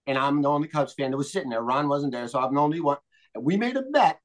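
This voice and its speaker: A man whose pitch swoops up and down as he talks, with a slightly high voice. He tells stories in a casual chat and leans hard into his emphasis. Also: quick pace. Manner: animated storyteller, leaning into emphasis.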